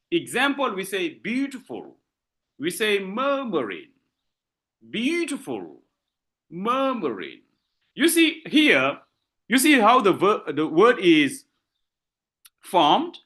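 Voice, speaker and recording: A man with a French-speaking West African accent giving an online literature lecture, repeating examples and stressing words slowly. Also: sits high, bright, forceful tone.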